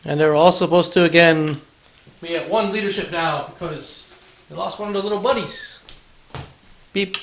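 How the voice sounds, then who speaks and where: A man's voice: fairly high pitch, steady tone, normal speed, long pauses, low-quality recording. A man hosting a tabletop wargame battle report, chatting casually through the play, counting dice aloud and throwing in playful taunts.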